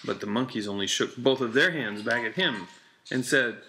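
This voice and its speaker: A man reading a children's picture book aloud with a slow, deliberate, repetitive storytelling cadence. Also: mid-range voice, sharp tone, slight background noise.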